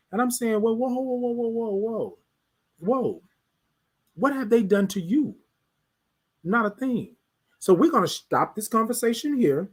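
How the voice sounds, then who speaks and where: A man with a high, husky voice hosts a live stream from his home. His pitch swings widely as he preaches, circling back to the same rhetorical questions again and again. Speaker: host of a live talk stream. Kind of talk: motivational live-stream talk.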